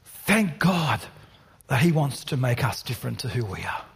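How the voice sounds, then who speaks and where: A man's voice: medium pitch, very animated, normal speed, creaky, fairly bright tone, husky. A man preaching a sermon as pastor, passionate and building to emphatic repeated lines. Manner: passionate, rising to emphatic repetition. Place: church hall.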